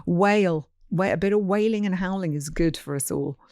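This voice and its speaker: A middle-aged woman co-hosting a casual podcast chat, giving gentle, reassuring advice. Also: on the low side, normal speed, no echo, clean studio sound. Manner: warm, reassuring, soft-spoken advice. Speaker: podcast co-host.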